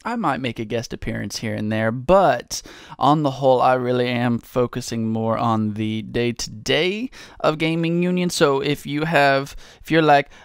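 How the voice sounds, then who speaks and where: Chatty guy joking around answering fan questions, smooth clean voice, dry close sound. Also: mid-range voice, normal speed, no room sound. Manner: rambling, jokey, self-mocking. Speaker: managing director answering viewer questions. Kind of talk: casual Q&A monologue.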